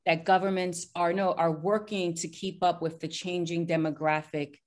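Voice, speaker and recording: A woman's voice: fairly low pitch, flat delivery. Hesitant woman panelist on a video call. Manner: hesitant, many filler pauses.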